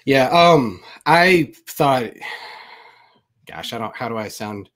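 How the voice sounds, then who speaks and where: A man's voice: mid-range voice, animated, takes it slowly, a bit bright. A man speaking as a guest in a casual panel chat over a video call, blunt and candid, rambling a little.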